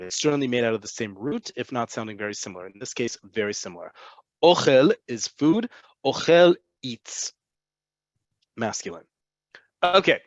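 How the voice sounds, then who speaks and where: A man's voice: medium pitch, no room sound, muffled recording. Patient man teaching a language online. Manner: patient, explanatory, repeats words slowly for learners. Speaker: Hebrew teacher. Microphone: computer mic on a video call.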